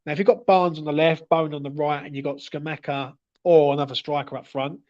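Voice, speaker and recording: A fairly high-voiced man, talking casually to his livestream audience. He stumbles and repeats himself and keeps checking in with "yeah?" as he goes, and the audio sounds dull and lo-fi. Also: fairly even intonation, fast, darkish tone. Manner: chatty, stuttery, tag questions like "yeah?" and "mate". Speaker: fan channel host reading viewer comments.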